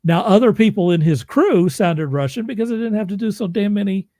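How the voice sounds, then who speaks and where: A man's voice: high voice, fairly quick, mellow, no room sound. A man who narrates audiobooks, chatting casually in a rambling, self-deprecating way and laughing often. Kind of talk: casual chat.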